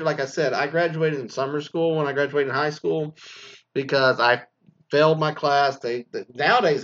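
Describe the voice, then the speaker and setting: Ranting man, 40s, from Texas: blunt and profane, mid-pitched voice, dull lo-fi recording. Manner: blunt, heavy swearing, animated storytelling. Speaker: former teacher.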